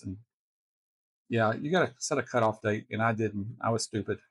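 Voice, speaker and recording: A man hosting a reaction video, telling personal stories in a halting, casual way with wry chuckles. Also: lowish voice, breathy edge, no room sound. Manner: halting, restarts often, chuckles wryly.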